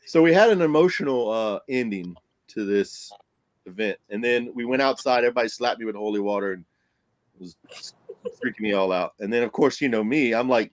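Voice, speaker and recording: A man, a paranormal investigator, telling a story on a podcast in a casual, animated way, acting out what people said and laughing often. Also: lowish voice, brisk, no room sound.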